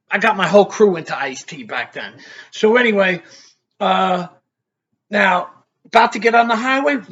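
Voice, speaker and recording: A man's voice: sits high, slight background noise. A middle-aged man telling a story in a casual, rambling way, swearing freely. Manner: profane, animated, rambling storyteller. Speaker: vlogger.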